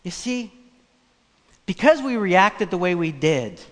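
A man preaching a sermon, telling a personal story in a conversational, animated way. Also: high voice, takes it slowly. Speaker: pastor. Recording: long church reverb.

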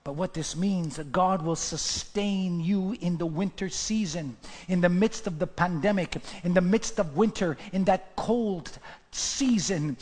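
A male pastor preaching a sermon, emphatic, repeating his key phrases and swinging from hushed to loud. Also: high-pitched, measured pace. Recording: long hall reverb.

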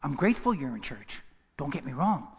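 A man preaching a sermon as pastor, emphatic, repeating words and swinging between loud and hushed lines. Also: a little high, big pitch swings, fairly quick, breathy edge, long reverb tail. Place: church.

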